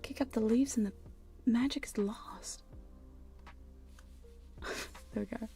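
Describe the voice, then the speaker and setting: A woman chatting in a soft, giggly whisper on a live hypnosis ASMR stream, close to studio mics in her home studio. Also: a little high, slow pace, faint music behind. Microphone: studio condenser and binaural mics.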